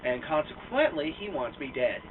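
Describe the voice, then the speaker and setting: A young American man telling a story and ranting, swearing freely and poking fun at himself. His pitch leaps up and down as he talks. He sits back from the mic, and the sound is thin and tinny, like a phone line. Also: normal speed, far from the mic, background noise. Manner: profane, animated, self-mocking, lots of fillers. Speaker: vlogger. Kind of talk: casual storytelling rant.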